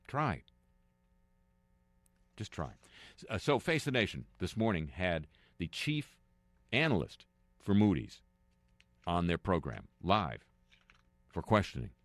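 A man's voice: deep voice, very animated, slow pace, pauses often, no echo. A man hosting a talk show, reading news items and adding dry, sarcastic asides. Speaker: host. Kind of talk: sardonic news commentary. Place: home near a lake, voice-over.

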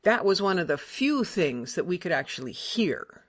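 A woman from Michigan's Upper Peninsula hosts a casual interview, asking chatty, curious questions. Her voice is fairly low with big swings in pitch, and she talks at a normal speed.

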